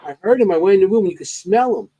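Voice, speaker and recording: A man chatting casually on a podcast, halting and rambling, often restarting his sentences. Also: sits high, animated, warm tone, slightly rough. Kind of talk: casual chat.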